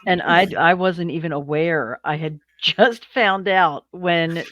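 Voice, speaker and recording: A man's voice: fairly high pitch, takes it slowly, pushed and bright, no echo. A man co-hosting a casual movie review podcast, mostly agreeing with short replies. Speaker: podcast co-host.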